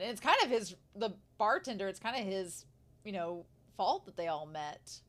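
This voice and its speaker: A young woman chats through an anime episode in a loose, rambling way, getting excited and laughing often. Her voice sits a bit high and sounds bright and crisp. She talks casually and reacts as she goes. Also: normal speed.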